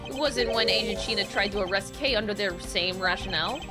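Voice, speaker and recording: A woman reading the lines of a composed, cutting male prosecutor in a measured, lecturing way, with game music behind. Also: medium pitch, close to an everyday voice. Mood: stern.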